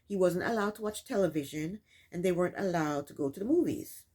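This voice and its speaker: A woman's voice: on the low side, lively intonation, brisk, dark tone. A woman hosting a casual recap of a reality show, telling the events in her own words and scolding the people in it. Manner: sassy, scolds the people on screen.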